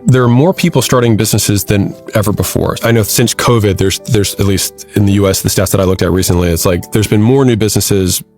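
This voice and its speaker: A man talking reflectively on a podcast, thinking aloud in a measured way with some repetition. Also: on the low side, a little mellow, soft background music. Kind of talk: reflective conversational talk.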